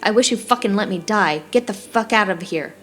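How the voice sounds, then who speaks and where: A woman's voice: mid-range voice, a little fast, faint music behind, close to an everyday voice. Woman doing an enraged young patient swearing. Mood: furious. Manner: swearing, sharp outbursts. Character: young woman, furious and grieving hospital patient.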